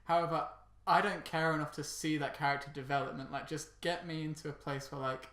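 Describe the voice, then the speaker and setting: A man's voice: on the high side, fairly even intonation, brisk, a bit bright. A young man co-hosting a casual film-review podcast, chatty, swearing casually and laughing often. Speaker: podcast co-host. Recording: roomy echoing room.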